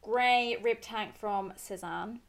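A woman's voice: medium pitch, slow, gravelly. A young woman chatting as a podcast guest, friendly and agreeable. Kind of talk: casual chat.

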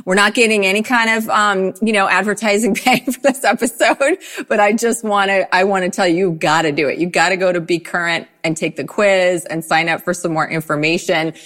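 A woman's voice: mid-range voice, steady tone, brisk, a bit bright. Gushing, effusive woman podcast host. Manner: gushing, effusive, laughs often. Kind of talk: enthusiastic guest introduction.

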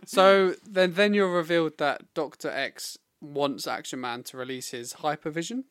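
A man's voice: a little high, moderate pace, crowd noise. A man and podcast co-host in casual chat, walking through a cartoon's plot step by step and voicing the characters' lines.

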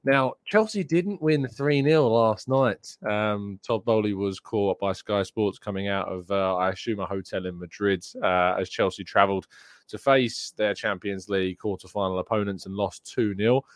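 A man's voice: on the low side, moderate pace, no echo. A man hosting a daily football news show, chatting casually through fixtures and reading out viewers' questions, with frequent ums and uhs.

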